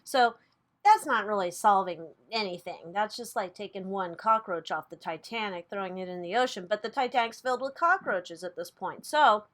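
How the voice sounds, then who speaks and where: A woman talking through a tarot reading in a loose, chatty way, at an ordinary middle pitch for a woman. She swears freely and laughs at her own slips. Her delivery is casual and unpolished, like someone talking straight to her viewers. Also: normal speed, a bit bright. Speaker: tarot reader and channel host.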